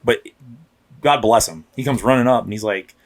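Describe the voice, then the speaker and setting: At a moderate pace and medium pitch, a man in his thirties who works as a police officer rambles through casual stories on a podcast. He often restarts and performs the quotes.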